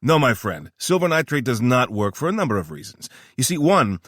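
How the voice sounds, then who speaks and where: A man's voice: medium pitch, a bit bright, no room sound, studio quality, voice pushed up, lightly acted. A man voicing an eccentric, flamboyant weapons scientist with a New York accent who slips into a fake posh British voice. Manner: fast-talking, theatrical, switches to a fake posh British put-on. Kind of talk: audiobook character voice.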